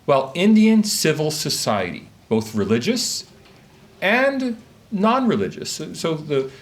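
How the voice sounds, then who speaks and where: In a conference room, a man lectures to a live audience from his notes, posing questions in a lively way. He is an academic with a voice on the high side, and he takes his time.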